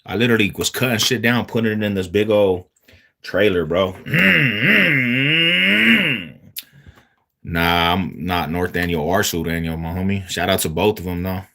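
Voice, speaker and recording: A man from Denver chats on a livestream in a low voice with a bright, forceful edge. He reads viewer comments aloud and answers them in loose, slangy street talk. His delivery stays easygoing throughout. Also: lively intonation, measured pace, vocal fry, a little hiss or hum. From Denver, Colorado. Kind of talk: casual livestream chat.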